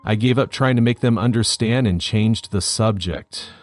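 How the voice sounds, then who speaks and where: A man with a fairly low voice narrates a scripted first-person story. His delivery is steady and matter-of-fact. The sound is dry and close, with faint music underneath. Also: normal speed, dry recording.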